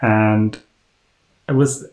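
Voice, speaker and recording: A man's voice: lowish voice, drawn-out words. A man from Birmingham with a Birmingham accent, a drummer chatting casually and telling anecdotes. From Birmingham, England. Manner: storytelling, animated when quoting others. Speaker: drummer and podcast host.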